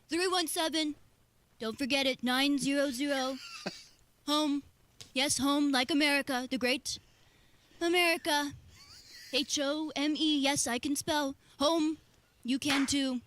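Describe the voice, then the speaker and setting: A woman's voice: high voice, steady tone, a little slow, long pauses, fairly bright tone, a little hiss or hum. Woman doing a brash boastful old president. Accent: New Jersey. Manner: boastful, repetitive, interrupts herself. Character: boastful older male president, brash showman. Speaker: fill-in producer. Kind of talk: comic impression on radio.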